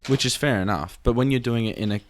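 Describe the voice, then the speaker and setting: A man's voice: medium pitch, fast. A young man co-hosting a podcast, opinionated and rambling, often checking with "right?". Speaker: podcast co-host. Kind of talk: casual podcast chat.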